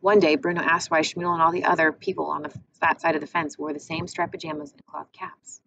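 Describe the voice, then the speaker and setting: A woman narrating an audiobook in a measured, expressive reading. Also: deep voice, vocal fry. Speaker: audiobook reader. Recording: muffled with faint hiss.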